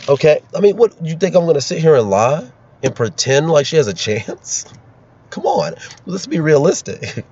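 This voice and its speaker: A man's voice: a little high, big pitch swings, moderate pace, darkish tone, slight background noise. A man hosting his own political commentary, sarcastic and ranting, laughing at his own jokes. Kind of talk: opinionated solo commentary. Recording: dull lo-fi recording.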